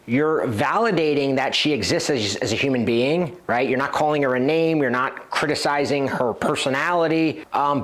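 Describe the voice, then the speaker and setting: A man's voice: medium pitch, a bit bright. A man teaching as a dating coach, speaking directly and confidently and acting out short example lines. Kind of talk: instructional talk to camera.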